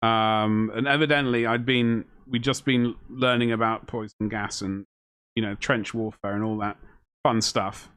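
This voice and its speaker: A man's voice: lowish voice, steady tone, a little slow, fairly bright tone, clear, resonant tone. A man hosting a live stream. He reads viewers' chat aloud and answers it with jokes while he works on a miniature at his desk. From Britain.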